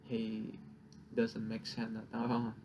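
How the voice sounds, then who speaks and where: A man's voice: on the low side, monotone, slow pace, noisy background. A young man whose first language is Vietnamese, venting in a casual, profane rant and laughing at his own jokes. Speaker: vlogger.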